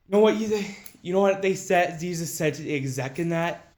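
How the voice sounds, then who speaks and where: A man's voice: high-pitched, lively intonation, brisk, hardly any pauses. A man ranting in an angry, profane, mocking commentary, talking into a phone.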